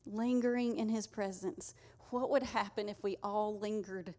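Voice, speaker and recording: A woman's voice: medium pitch, fairly even intonation, moderate pace, darkish tone. A woman preaching a conversational, earnest sermon to her congregation. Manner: conversational, earnest, uses y'all.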